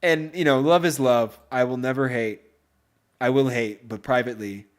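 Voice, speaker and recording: A man hosting a podcast in casual chat, rambling and excitable, with many fillers. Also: mid-range voice, moderate pace. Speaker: podcast host.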